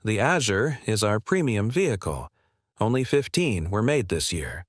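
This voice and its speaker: A man's voice: medium pitch, big pitch swings, normal speed, no room sound, clean studio sound, natural voice. A male narrator reading the lines of a smug, condescending car sales manager who talks down to people.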